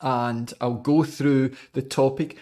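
A man's voice: medium pitch, fairly even intonation, takes it slowly, mellow. A Scottish man in his forties, a cycling coach giving a jokey, chatty live podcast talk to his viewers.

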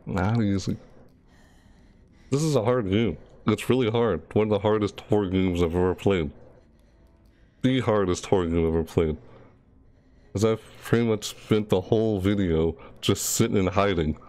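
A man's voice: fairly low pitch, normal speed, pauses often, a little mellow. A man commentating on a horror game in a jittery, self-mocking way, over a desk microphone. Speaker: gaming channel host.

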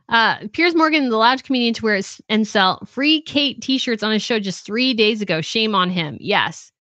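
A woman's voice: a little high, animated, unhurried, fairly bright tone, no room sound, muffled recording. A woman hosting a royal news live stream, chatting casually, reading out viewer comments and answering them with frequent laughs. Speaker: host of a royal news channel.

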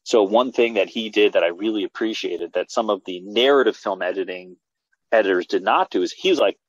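A male filmmaker talking casually in an interview over a video call, rambling excitedly with many restarts and fillers. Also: lowish voice, brisk, no echo. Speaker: filmmaker guest. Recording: dull lo-fi video call audio.

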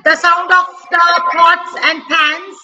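A woman's voice: very high-pitched, level tone, slow pace, bright, forceful tone, dull audio, faint music behind. A woman teaching an online class for young children, asking questions, praising answers and imitating animal and vehicle sounds.

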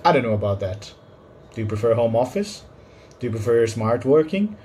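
A man's voice: mid-range voice, big pitch swings, normal speed, mellow, slight background noise. A man giving a short, friendly English lesson, explaining a phrase and asking the viewer questions. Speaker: English teacher.

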